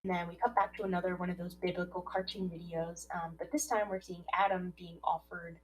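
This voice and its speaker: A woman's voice: lowish voice, a little fast, a little hiss or hum, rough recording. A woman co-hosting a podcast, recapping a story in casual talk and acting out the quoted lines. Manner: animated, acts out quoted lines. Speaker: podcast co-host.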